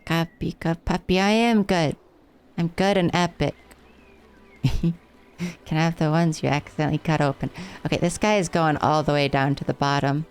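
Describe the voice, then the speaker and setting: Low, smooth-voiced playful woman streamer. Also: fairly even intonation, normal speed. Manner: playful, rambling, chats with viewers. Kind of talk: casual live game-stream chat.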